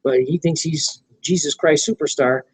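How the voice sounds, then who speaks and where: A man training a small group in network marketing, animated and coaching, often acting out sales dialogue. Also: fairly high pitch, normal speed, slightly rough, rough recording.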